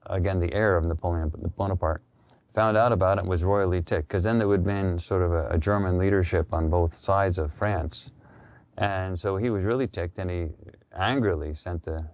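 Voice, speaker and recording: Man, very low voice, casual storytelling radio guest, dry lo-fi sound. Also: moderate pace, vocal fry, darkish tone, dry recording. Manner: conversational, storytelling with quoted voices. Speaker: interview guest.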